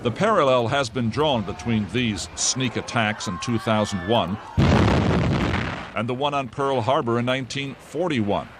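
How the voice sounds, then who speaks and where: A man narrating a scripted news essay in a grave, deliberate way. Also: medium pitch, heavy background noise. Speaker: correspondent.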